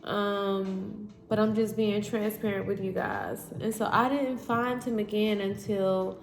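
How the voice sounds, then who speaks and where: A woman's voice: mid-range voice, fairly even intonation, measured pace, creaky, roomy sound. A woman giving a spiritual tarot reading, emotional and candid, talking straight to her viewers. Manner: candid, addresses viewers as y'all. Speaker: tarot reader.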